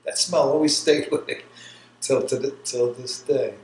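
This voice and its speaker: With a medium pitch and a moderate pace, a New York man in his sixties, an army veteran, shares his life story in an oral history interview, rambling and laughing as he talks. There is faint hiss in the roomy recording.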